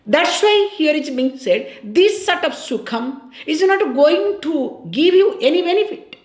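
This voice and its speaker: A woman spiritual teacher gives a conversational discourse on scripture, often checking in with her listeners and repeating key phrases. Her voice sits high, expressive and unhurried, in a reverberant space.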